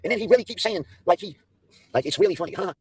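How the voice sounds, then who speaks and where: A man's voice: high-pitched, expressive, rapid-fire, darkish tone, husky, dry recording. A man on a livestream ranting in a brash, profane, mocking way and roasting people in casual talk.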